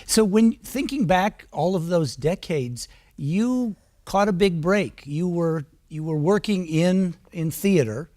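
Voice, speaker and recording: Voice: medium pitch, animated, slow, hardly any pauses, dark tone. A talk show host welcoming and interviewing a guest, affable, with brief encouraging interjections.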